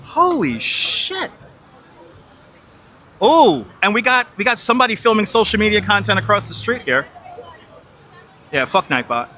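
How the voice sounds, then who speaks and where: A man's voice: sits high, a little fast, sharp tone, slight background noise. A man live-streaming his walk through busy city streets on a wireless lapel mic, giving profane, exasperated running commentary.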